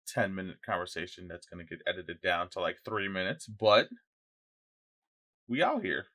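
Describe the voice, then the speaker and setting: A young man with a low-set but bright, forceful voice, riffing casually as a podcast co-host. His talk is loose, joking and full of profanity. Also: lively intonation, moderate pace.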